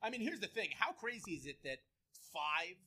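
A man's voice: high voice, big pitch swings, bright, forceful tone, slightly rough. A man co-hosting a live podcast taping, joking and teasing his co-hosts. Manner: joking, teasing, quick to laugh. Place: live show in front of an audience.

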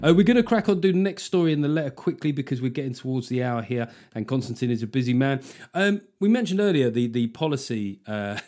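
A man hosting a podcast, telling stories in a sweary, jokey, animated way. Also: medium pitch, quick pace, hardly any pauses, faint music behind. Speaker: podcast host. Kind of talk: casual comedic chat.

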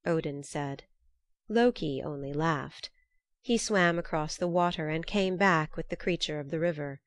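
A woman narrating a storybook in a steady, measured reading. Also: sits low, dry recording, clean studio sound.

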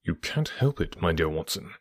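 A man reading the part of a calm, cool-headed middle-aged detective in an audiobook, speaking in a measured, dryly assured, hushed way. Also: low-pitched, no echo, studio quality, pitched below the performer's own voice. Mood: resolute.

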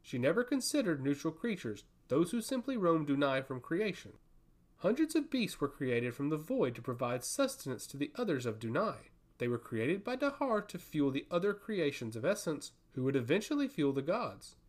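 A man narrating a fantasy story in an expressive storytelling manner. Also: a little high, moderate pace. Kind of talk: audiobook fantasy reading.

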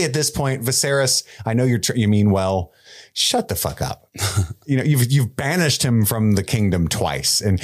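A man's voice: fairly low pitch, expressive, normal speed. A man co-hosting a casual podcast chat, playful and joking, laughing often. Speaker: podcast co-host.

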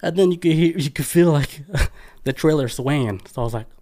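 A man's voice: a little high, moderate pace, warm tone. Casual profane man telling stories. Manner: loose, profane storytelling with many "I was like" quotes; reads listener comments aloud. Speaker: podcast co-host. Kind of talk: casual chat.

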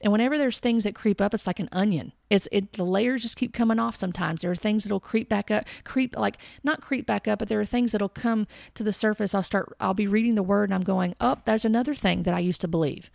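A woman sharing a personal faith testimony in an earnest, halting way, often restarting and repeating words. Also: medium pitch, vocal fry, darkish tone, no echo, studio quality. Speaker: Christian speaker sharing testimony.

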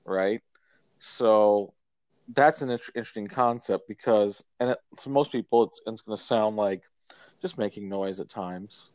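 Podcast co-host, male, lower pitch, loose rambling talk, dry close sound. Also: moderate pace, darkish tone, dry recording. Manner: rambling, many fillers and restarts. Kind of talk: casual chat about records.

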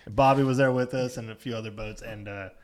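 A man who is a podcast guest, telling stories in a lively way and laughing often. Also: mid-range voice, fast. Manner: animated storyteller, laughs often. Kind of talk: casual chat.

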